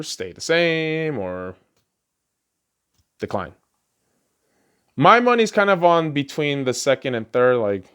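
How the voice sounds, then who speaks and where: Profane, excitable man ranting about sports. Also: smooth. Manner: profane, mocking, laughs often; swings between low mutters and high excited outbursts. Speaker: podcast host. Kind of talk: casual sports rant.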